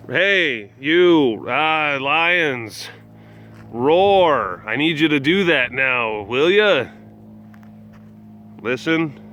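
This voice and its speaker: Lively young man hosting a livestream. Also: a little hiss or hum. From southwest Wisconsin, USA. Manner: animated, joking, swings between loud hype and low mumbles. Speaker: livestream host at a big cat facility. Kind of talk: casual livestream chat reading viewer comments.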